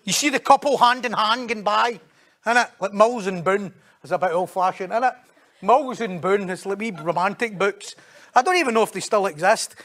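A man delivering a sermon with a notably high-pitched voice for a man. He talks in a lively, conversational way and often jumps into loud, raised bursts of emphasis. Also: normal speed. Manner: animated, acts out quoted voices, sudden loud high bursts. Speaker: preacher.

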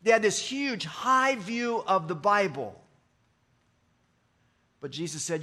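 A man's voice: high voice, big pitch swings, slow, sharp tone. A man preaching a sermon in a conversational, playful way, voicing quotes and asides. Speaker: pastor.

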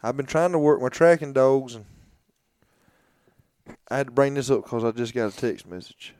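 A man's voice: medium pitch, normal speed, darkish tone, clean tone, no room sound. A man co-hosting a podcast, chatting casually and tossing in jokes and teasing asides. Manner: joking, teasing interjections. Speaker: podcast co-host. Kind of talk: casual chat.

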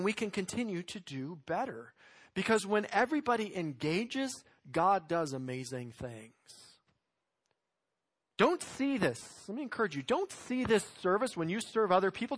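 A man's voice: sits high, a bit bright. A man preaching a sermon as pastor, reading scripture verses aloud and exhorting his congregation.

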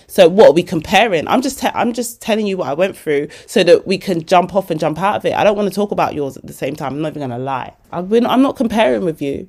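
A woman with a fairly low voice hosts a podcast, talking casually and motivationally. She is animated and chatty, breaking into laughter often. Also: quick pace, few pauses. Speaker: podcast host.

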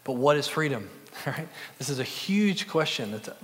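A man's voice: medium pitch, animated, normal speed, a bit bright. A young man preaching a sermon in an earnest, conversational way. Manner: earnest, conversational with film references. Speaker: pastor. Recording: long hall reverb.

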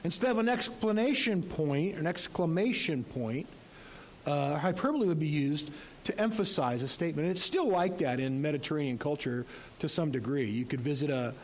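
A man's voice: mid-range voice, darkish tone, poor audio. A male pastor preaching a sermon in a conversational way, with rhetorical questions and light humor.

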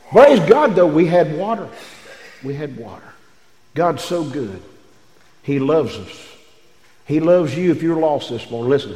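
A man's voice: mid-range voice, dark tone. Male pastor, folksy-to-fervent sermon, roomy sanctuary sound. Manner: folksy, rising to fervent preaching with drawn-out phrases. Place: church sanctuary. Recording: echoey church hall.

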